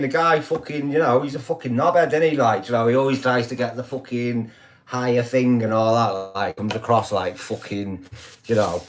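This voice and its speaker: An older man chats casually on a live stream in a mid-range voice at a moderate pace, with slight background noise. He rambles, swears constantly, and checks in with listeners every few lines with "do you know what I mean."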